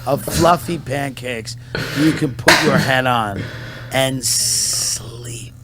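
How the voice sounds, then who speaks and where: A comedian delivering a satirical, mock-solemn patriotic monologue in a deadpan manner. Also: male voice, medium pitch, takes it slowly, over loud music. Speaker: comedian and podcast host.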